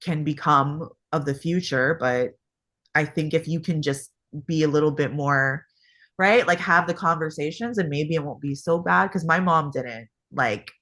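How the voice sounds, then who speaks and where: A woman in her thirties from Hawaii talks casually as a podcast guest. She rambles and leans on filler words. Her voice sounds bright. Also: deep voice, normal speed.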